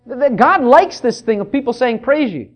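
A middle-aged man preaching a sermon in a church, animated, acting out the voices of churchgoers he quotes. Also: very high voice, normal speed. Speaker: pastor.

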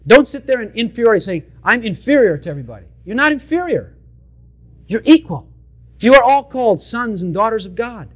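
A man's voice: extremely high pitch, expressive, a little fast. A male preacher delivering an emphatic sermon and speaking directly to his congregation, often repeating his points.

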